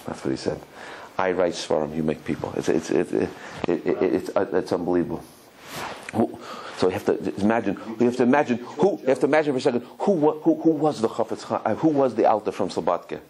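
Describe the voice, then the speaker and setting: A man, a rabbi, giving a Torah lecture, telling stories animatedly, often repeating and restarting words, and acting out quotes with sudden high cries. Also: fast, a little hiss or hum, low-quality recording. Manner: animated storytelling, acts out quotes with high exclamations.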